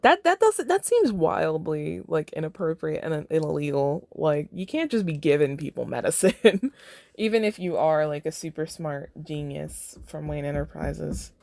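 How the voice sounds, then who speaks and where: A woman's voice: low-pitched, expressive, moderate pace, vocal fry, dark tone, no echo. An American woman hosting a podcast, casually commenting on her own fan fiction with lots of "like" and laughter. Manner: chatty, lots of "like", breaks into laughter. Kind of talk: casual commentary and read-aloud.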